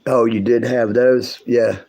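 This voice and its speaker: A man's voice: mid-range voice, fairly even intonation, measured pace, a little mellow. A man hosting a livestream, chatting casually with viewers in a rambling, drawling way. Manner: rambling, drawling, restarts sentences often. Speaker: livestream host. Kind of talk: casual chat with live chat viewers.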